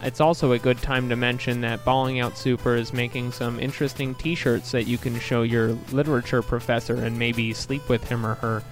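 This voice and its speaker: A man's voice: mid-range voice, little pitch movement, fairly quick, hardly any pauses, soft background music, natural voice. A man putting on a famous radio host's voice for a mock promo read. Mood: deadpan promo.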